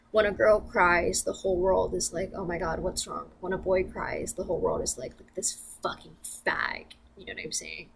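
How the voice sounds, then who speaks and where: A woman's voice: on the low side, gravelly, husky. A young woman venting to camera in a casual vlog, blunt and profane, rambling with lots of fillers. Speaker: vlogger.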